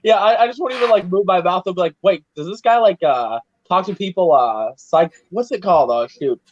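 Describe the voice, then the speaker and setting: A man's voice: high-pitched, lively intonation, fairly quick, dry recording, dull audio. A man hosting a casual chat while building a set, joking and rambling with self-mocking humor.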